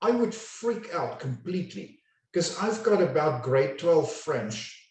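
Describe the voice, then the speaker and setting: A man giving a webinar lecture as a communication coach, speaking slowly and deliberately and enunciating each word with care. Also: a little high, very animated, darkish tone. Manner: slow, deliberate, carefully enunciated. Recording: very echoey room, distant mic.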